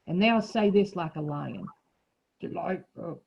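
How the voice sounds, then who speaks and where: A woman's voice: medium pitch, expressive, moderate pace, warm tone. A woman who teaches a children's reading group. She prompts and encourages the children patiently. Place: classroom. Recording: dull lo-fi classroom recording.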